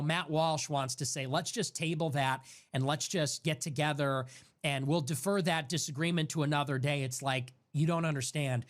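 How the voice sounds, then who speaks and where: A young man delivering a heated political monologue as a streamer, emphatic and contemptuous, repeating phrases for stress. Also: medium pitch.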